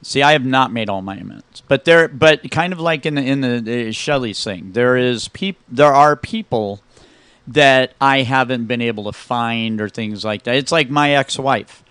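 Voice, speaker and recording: A man's voice: medium pitch, normal speed, fairly bright tone, clear, resonant tone, no room sound. A middle-aged man hosting a recovery radio talk show, telling stories casually and acting out both sides of conversations.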